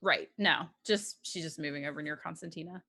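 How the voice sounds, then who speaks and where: A woman playing a tabletop game, chatty and hesitant, with many pauses. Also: low-pitched, sharp tone. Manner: chatty, hesitant, many ums, laughs easily. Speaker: player. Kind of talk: casual tabletop game chat.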